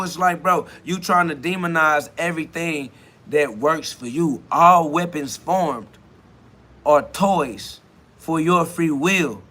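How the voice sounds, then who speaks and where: Bright-voiced man rambling in slangy self-talk. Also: fairly high pitch, takes it slowly. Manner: loose slangy rambling with laughs. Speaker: podcast host. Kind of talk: solo self-talk monologue.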